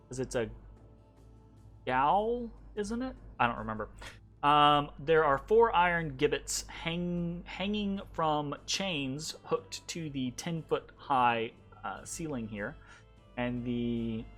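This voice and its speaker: A game master narrating a tabletop game in an unhurried, hesitant way, with fillers and asides to the players. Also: mid-range voice, a bit bright.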